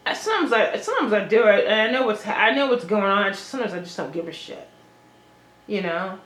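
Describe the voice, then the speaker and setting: A woman's voice: mid-range voice, lively intonation, quick pace, fairly bright tone, reverberant, low-quality recording. A woman vlogging in an agitated, rambling monologue, swearing often and restarting her sentences. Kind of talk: unscripted monologue to camera.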